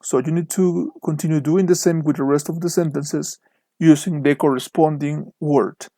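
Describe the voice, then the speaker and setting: A man's voice: a little high, steady tone, moderate pace, mellow, dry recording. A young man with a Mexican Spanish accent, a native Spanish speaker, teaching English online and carefully modeling the stress of word pairs. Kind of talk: online lesson narration over slides.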